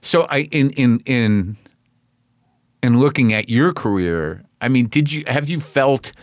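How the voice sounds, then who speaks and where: A man interviewing a guest, speaking in a halting, searching way with many restarts. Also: mid-range voice, lively intonation, no room sound, studio quality. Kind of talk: conversational interview.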